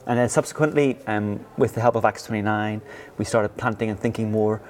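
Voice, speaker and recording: A man's voice: on the low side, fairly even intonation, a little fast, slight background noise. A man in his forties with a Northern Irish accent, a pastor answering interview questions earnestly, with frequent fillers and restarts. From Northern Ireland. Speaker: pastor and church planting leader.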